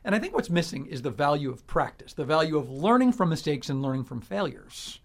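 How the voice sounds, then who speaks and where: A man's voice: fairly high pitch, big pitch swings, brisk, vocal fry. Affirming male interview host. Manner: affirming, thoughtful. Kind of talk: casual interview chat.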